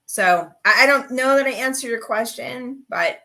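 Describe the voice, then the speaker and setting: A middle-aged woman career coach presents a live webinar, talking candidly and chattily with lots of "like" and "you know." Her voice is a little high, creaky and sharp in tone, at a normal speed.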